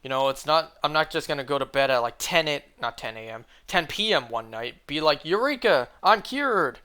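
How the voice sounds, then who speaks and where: His mid-range voice comes out fairly quick, pushed and bright, and the sound is clean. He rambles through casual livestream chat with his viewers while shiny hunting, leaning constantly on "like" and other fillers.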